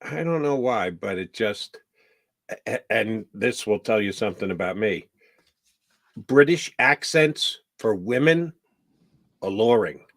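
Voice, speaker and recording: A man's voice: fairly low pitch, expressive, unhurried, long pauses, a bit bright, dry recording. A man hosting a sports talk show, joking casually with his co-host and guest. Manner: joking, conversational, reads ad reads.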